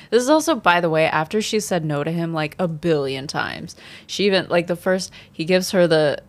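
A woman's voice: fairly low pitch, lively intonation, moderate pace, no room sound. A woman co-hosting a podcast in casual chat, sarcastic and profane, acting out characters' lines. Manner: profane, sarcastic, acts out quotes. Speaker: podcast co-host.

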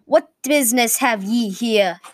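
A woman's voice: fairly high pitch, measured pace. A woman voicing an impatient male gate guard who speaks curtly in old-fashioned phrasing. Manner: curt, archaic speech.

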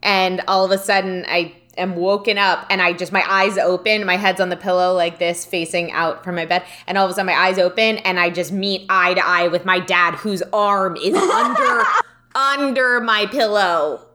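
A woman's voice: fairly low pitch, moderate pace, hardly any pauses, pushed and bright. A woman co-hosting a podcast, telling stories in a chatty way and laughing often. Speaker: podcast co-host. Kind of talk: casual chat.

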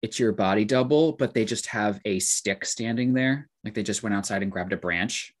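A man's voice: lowish voice, moderate pace. Teasing, rambling male podcast co-host. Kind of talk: casual chat.

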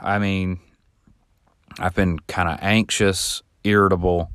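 A young man speaks in a very deep, low voice and talks casually to his listeners. He rambles through a long personal story and grows animated when he reenacts shouted lines. The sound is dry and close, with hardly any room echo. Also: takes it slowly, clean tone. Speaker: podcast host.

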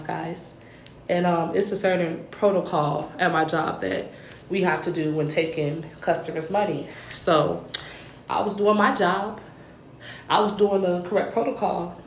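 A young woman tells a story with animated energy. She swears freely and gets worked up. Her voice rings in a roomy space, with a faint hiss behind it. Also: lowish voice. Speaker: podcast co-host. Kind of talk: casual chat.

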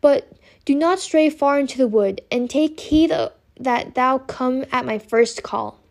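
A woman reading aloud and voicing a weary, protective mother who speaks softly and a little impatiently. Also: sits high, a little slow, gravelly.

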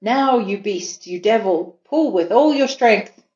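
A woman's voice: medium pitch, moderate pace, dark tone, lightly acted. A woman voicing a proud, hot-tempered man in a storybook reading. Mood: exasperated. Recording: echoey room, dull lo-fi sound.

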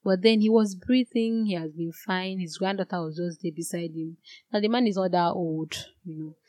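A woman telling her own story in an earnest, direct way, growing animated and indignant at times. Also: fairly low pitch, normal speed, dry recording. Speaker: guest sharing a personal story. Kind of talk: candid personal testimony.

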